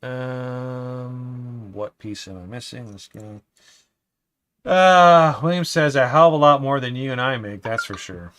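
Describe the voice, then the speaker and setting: A man's voice: mid-range voice, measured pace, a little hiss or hum. Chatty man muttering over a Lego build. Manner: chatty, opinionated, reads out viewer comments; often drops to quiet muttering while building. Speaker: livestream host building Lego. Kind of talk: casual live-stream chat.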